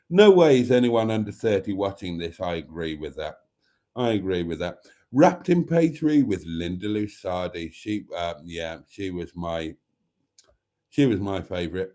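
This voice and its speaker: A man's voice: sits low, lively intonation, a little slow, long pauses, warm tone. A middle-aged man, chatting camply as he hosts a late-night live stream and reads out viewer comments.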